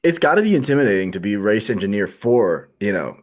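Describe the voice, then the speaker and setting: A man's voice: lowish voice, sing-song, fast talker. A man co-hosting a podcast, chatting casually and joking with frequent laughs. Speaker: podcast co-host. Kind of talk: casual chat.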